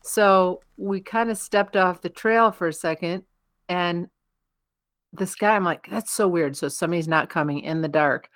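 A woman casually retelling a story in a wry, deadpan way. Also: fairly low pitch, moderate pace, no echo, studio quality.

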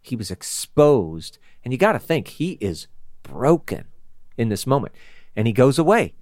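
A man leads a relaxed Bible study with an animated, chatty delivery. His pitch swings widely as he talks, and he breaks into laughter now and then. The sound is dry and close. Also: moderate pace, dry recording. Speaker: Bible teacher. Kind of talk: casual Bible study talk.

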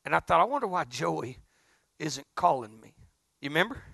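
A middle-aged man preaching a folksy storytelling sermon, swinging from hushed asides to loud outbursts. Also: a little high, big pitch swings, moderate pace, creaky, no echo, studio quality.

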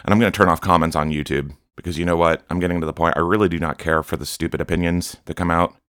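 A man with a deep, low-pitched voice preaches to his podcast listeners in a fervent, scolding tone that makes no secret of his anger. The sound is dry and close, with no room echo around him. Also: fairly even intonation, fast, a bit bright. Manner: fervent, admonishing, openly angry. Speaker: podcast host. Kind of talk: impassioned preaching monologue.

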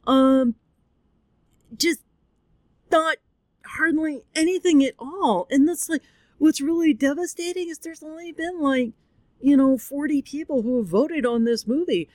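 A woman's voice: high voice, a little slow, pauses often, dry recording. A woman hosting a podcast, recapping a movie in casual talk, candid and tearful, with frequent swearing. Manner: candid and expressive, swears freely, acts out voices. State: tearful, crying. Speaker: podcast host.

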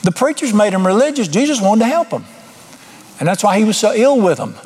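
A middle-aged man preaches in a loose, folksy way. His voice sits fairly high and sounds husky. He is blunt, jokes at his own expense, and his voice jumps up when he drives a point home. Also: sing-song, brisk, a little mellow. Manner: folksy, blunt and self-deprecating, with sudden emphatic rises. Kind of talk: informal sermon.

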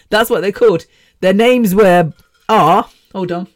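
A woman's voice: mid-range voice, slow, dry recording. A woman hosting a podcast, talking in a casual rambling monologue, laughing often and losing her train of thought. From United Kingdom. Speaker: podcast host.

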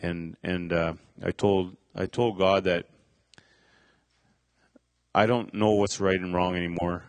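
A middle-aged man telling a personal faith testimony, halting, with many fillers and restarts. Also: deep voice, little pitch movement, no room sound. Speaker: speaker sharing a testimony.

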